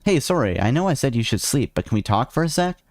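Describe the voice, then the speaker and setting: A man's voice: mid-range voice, very animated, fast, darkish tone, no room sound, studio quality. Sarcastic rambling male game streamer. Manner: sarcastic, rambling, reads game text aloud and riffs on it. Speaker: VTuber streamer. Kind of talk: casual let's-play commentary.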